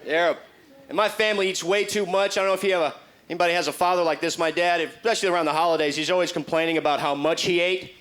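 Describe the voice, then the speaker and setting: Folksy stand-up comic from Texas. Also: male voice, high-pitched, fairly even intonation, fast, crowd noise. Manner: folksy, wry storytelling. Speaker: stand-up comedian. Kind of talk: stand-up comedy set.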